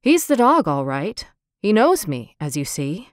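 A woman's voice: fairly low pitch, sing-song, unhurried, no room sound, studio quality. A woman doing an uneasy, polite dog breeder. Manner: respectful, apologetic, plain-spoken.

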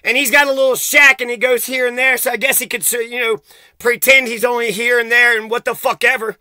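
A man's voice: very high-pitched, level tone, fairly quick, sharp tone, clear, resonant tone, no echo. A man ranting into the camera for his vlog, heated and accusatory, swearing constantly. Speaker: vlogger. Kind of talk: profane angry rant to camera.

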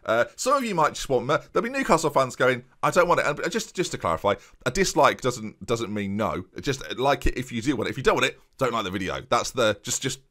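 Young male gaming host, lively pitch, chatty, talks straight to the viewers, gets loud for goals. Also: a little fast, few pauses. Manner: chatty, keeps addressing "viewers", rises into excited match commentary. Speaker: gaming YouTuber. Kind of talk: casual commentary over a football management game.

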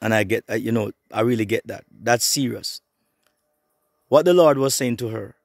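A middle-aged man preaching an online sermon, fervent and repetitive, swinging between hushed and rising passages. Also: fairly low pitch, normal speed, vocal fry, no room sound, studio quality.

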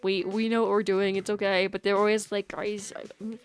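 A woman's voice: medium pitch, level tone, a little fast. A young woman streaming a game, chatting casually and giggling, with lots of "like" fillers, on a USB microphone at home. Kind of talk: casual stream chat while gaming. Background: soft lofi music.

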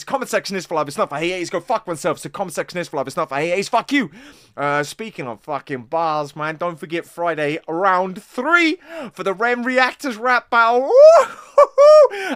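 A reaction host talks in a hyper, rambling rush and swears nonstop. The voice is bright and forceful. It sits close to the mic in a dry space with no room sound. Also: mid-range voice, no echo. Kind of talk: excited reaction commentary.

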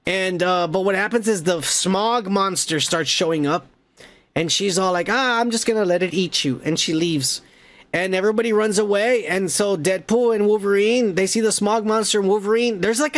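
A man's voice: a little high, a bit bright. A man hosting a podcast who recaps a film in a rambling, profane, casual way. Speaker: podcast host.

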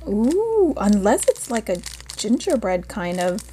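A woman in a casual unboxing vlog, gushing and excitable, often exclaiming with delight. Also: mid-range voice, unhurried, slight background noise. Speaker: vlogger.

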